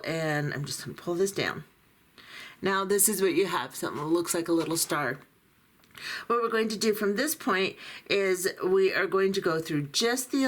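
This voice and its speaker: A middle-aged or older woman giving patient, step-by-step beading instructions while she works with her hands. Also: fairly low pitch. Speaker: beading tutorial host.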